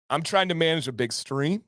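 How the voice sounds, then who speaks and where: Animated man telling a story, crisp voice. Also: a little high, no room sound. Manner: animated, exasperated, jokey asides to chat. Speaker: livestream host. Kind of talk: casual storytelling to a live chat.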